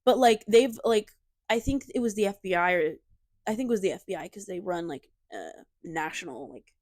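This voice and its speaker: A young woman co-hosting a podcast in casual chat, talking in an animated, emphatic way with lots of fillers on a cheap desk mic. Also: mid-range voice, fairly quick, no echo, clean studio sound. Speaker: podcast co-host.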